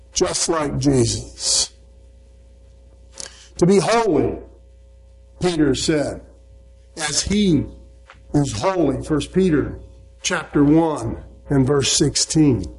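A man delivers a sermon in a high voice, taking his time over each phrase. He leans on key words with emphatic weight and cites chapter and verse as he goes. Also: rough recording. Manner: slow, emphatic preaching, quoting scripture references. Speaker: preacher.

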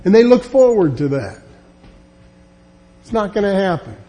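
Male Bible teacher, fairly high voice, warm tone, earnest, restarts a lot. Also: sing-song, normal speed. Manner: earnest, emphatic, with frequent restarts. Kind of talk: verse-by-verse Bible lesson.

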